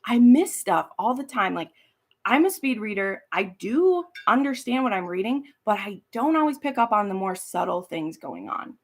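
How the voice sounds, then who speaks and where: A woman's voice: mid-range voice, vocal fry, a bit bright. A woman hosting a casual live stream, chatting in a rambling way, swearing freely and laughing easily. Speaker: booktube host. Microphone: streaming from home setup.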